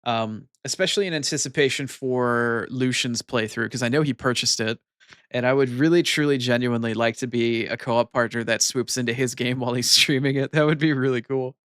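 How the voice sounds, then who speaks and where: A man streaming and chatting casually with his viewers in an excitable way, swearing freely. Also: mid-range voice, fairly quick, smooth, no echo, studio quality.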